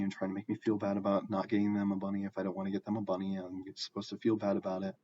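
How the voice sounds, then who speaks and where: A young man telling a personal story in a casual, halting way, often restarting and filling pauses. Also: low voice, monotone, warm tone, highs cut off. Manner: halting, self-correcting, frequent fillers.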